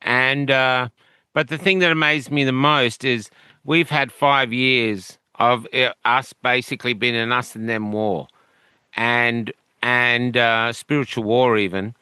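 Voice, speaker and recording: An Australian man tells his story as an interview guest, meandering through fillers and restarts. His voice is bright and crisp, and the recording is dry with no room sound. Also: mid-range voice, steady tone, measured pace, no echo. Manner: rambling, with many fillers and restarts. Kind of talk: conversational storytelling.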